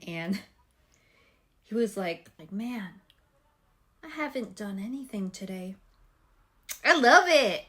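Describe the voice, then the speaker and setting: Young adult woman, student vlogger; relaxed rambling chat between bites, a little low-voiced. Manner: chatty, rambling, snacking while talking. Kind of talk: casual vlog chat.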